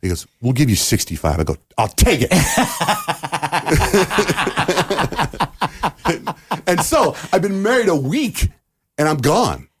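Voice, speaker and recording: A man's voice: a little high, slow, long pauses. A middle-aged man from the United States, a radio host, telling a long story casually and acting out the people in it. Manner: animated storyteller acting out quoted dialogue. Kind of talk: casual storytelling in a podcast interview.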